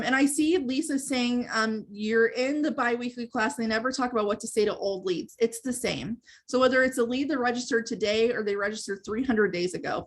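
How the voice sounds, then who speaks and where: Woman hosting a sales training webinar. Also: fairly high pitch. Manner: conversational, explains step by step.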